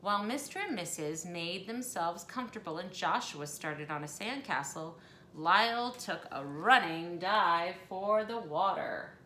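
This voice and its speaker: Casting: animated storybook reader, woman, bright voice, echoey room with faint background hum. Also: lowish voice, a little slow. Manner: expressive, animated storytelling with asides. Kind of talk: storybook read-aloud.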